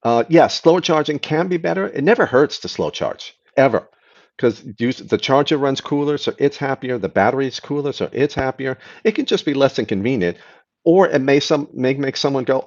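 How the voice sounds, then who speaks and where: A man's voice: medium pitch, lively intonation, normal speed, a little mellow, muffled recording. A man hosting a live stream, casually answering chat questions and explaining things patiently, often restarting his sentences.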